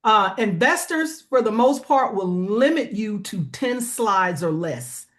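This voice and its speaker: A woman's voice: medium pitch, expressive, slow pace. Woman explaining funding in plain terms. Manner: explanatory, plain-spoken, frequent "right?" checks. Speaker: guest, funding expert. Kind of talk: conversational interview.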